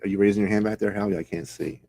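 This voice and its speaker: A man's voice: fairly low pitch, steady tone, racing, dark tone. A man hosting a sports podcast, delivering a heated, sarcastic fan rant full of rhetorical questions.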